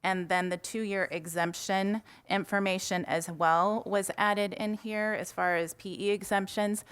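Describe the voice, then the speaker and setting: A woman with a somewhat low voice walks the board through policy updates. She explains plainly, pausing often with fillers. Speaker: district administrator presenting policy. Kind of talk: public meeting presentation.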